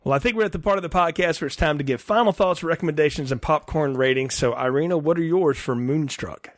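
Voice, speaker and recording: A man's voice: a little high, quick pace, no room sound, clean studio sound. A man co-hosting a film podcast in casual chat, enthusiastic and quoting characters. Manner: conversational, enthusiastic, quotes characters. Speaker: podcast co-host.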